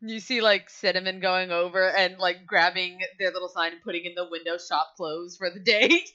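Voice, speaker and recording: A woman's voice: lowish voice, steady tone, moderate pace, sharp tone. A woman narrating a tabletop game as game master, describing scenes with laughing asides. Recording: dull lo-fi mic.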